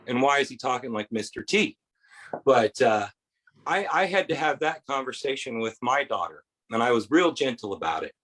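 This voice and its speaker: A man's voice: medium pitch, expressive, moderate pace, fairly bright tone, poor audio. A man doing a rambling stand-up set on a bar stage, with quoted voices in his stories. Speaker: stand-up comedian.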